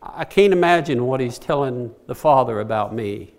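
A man's voice: medium pitch, expressive, moderate pace, few pauses. A man preaching a sermon, who repeats his key phrases and puts questions to the congregation. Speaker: pastor.

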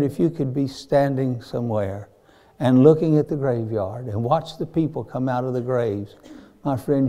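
Fervent preacher man, very dark voice. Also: mid-range voice. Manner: fervent, repeats "my friend", rises to emphatic peaks. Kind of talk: sermon.

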